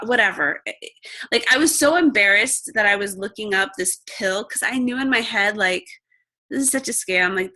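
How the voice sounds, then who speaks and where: A woman's voice: mid-range voice, sharp tone. A young woman coaching new coaches in a chatty, upbeat talk, often acting out the chats she describes. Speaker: fitness coach mentor.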